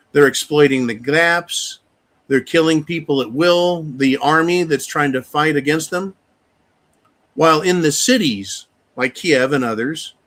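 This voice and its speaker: This live-stream host is a man whose voice sits a little high and sounds a bit bright. His commentary monologue is a heated, profane rant laced with mocking repetition.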